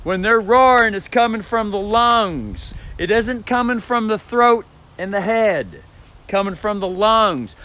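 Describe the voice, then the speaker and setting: A man's voice: high voice, animated, a little slow, bright, forceful tone, dry recording. A man recording himself at home for a vlog, talking in a rambling, repetitive way about how to use the voice and swearing freely. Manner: profane, repetitive, demonstrates voice sounds. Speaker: vlogger. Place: indoors at home. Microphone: phone or camera mic.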